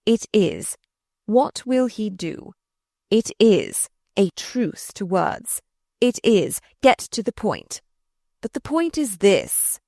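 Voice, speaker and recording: A woman reading aloud voices a sardonic, malicious older male courtier who mocks in slow, drawn-out phrases. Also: medium pitch, very animated, vocal fry, a little mellow, no echo, studio quality, pitched above the performer's own voice, exaggerated voice. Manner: mocking, drawn-out.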